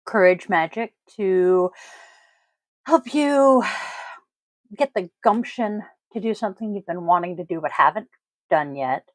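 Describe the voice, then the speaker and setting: Slow-talking woman podcast host. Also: medium pitch, no room sound, low-quality recording. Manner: deliberate, stresses key words, frequent ums. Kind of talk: casual solo podcast talk.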